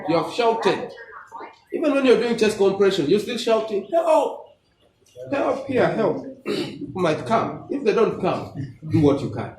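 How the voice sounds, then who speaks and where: A man teaching a class on emergency life support, lively and questioning, often laughing as he explains. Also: sits high. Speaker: medical trainer. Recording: echoey room, mic far off, background noise.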